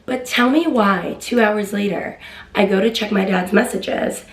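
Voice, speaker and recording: Chatty young woman in an echoey room. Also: measured pace. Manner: chatty, excitable, acts out quotes in a higher voice. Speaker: vlogger. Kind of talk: casual storytime.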